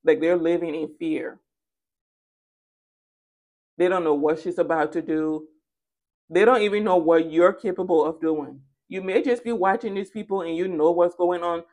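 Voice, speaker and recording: Tarot reader, female, lower register, chatty and emphatic, repeats lines for stress. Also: fairly even intonation, moderate pace, long pauses, darkish tone. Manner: casual and chatty. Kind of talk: spoken tarot reading.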